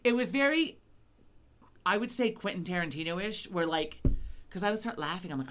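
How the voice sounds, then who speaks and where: A woman's voice: mid-range voice, big pitch swings, a little fast, pushed and bright. A middle-aged woman co-hosting a chat podcast, rambling casually and swearing a lot, with many fillers and restarts. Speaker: podcast co-host.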